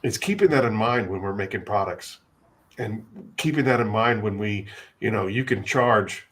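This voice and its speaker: A man's voice: lowish voice, lively intonation, a bit bright. A man hosting a livestream who talks with feeling and often stops and repeats words. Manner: halting, repeats words when moved. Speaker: livestream host. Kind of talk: emotional livestream chat.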